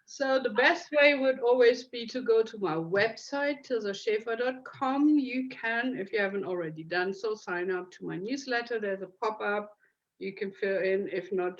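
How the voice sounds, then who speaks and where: Woman, author guest, casual chat, frequent laughter, dull lo-fi call audio. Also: mid-range voice. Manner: laughs often, tags "isn't it?". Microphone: video call.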